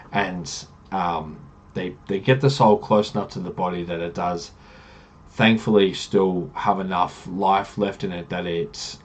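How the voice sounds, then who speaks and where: A man's voice: sits low, breathy edge, muffled recording. A man, a game master recapping a tabletop campaign in loose, rambling storytelling.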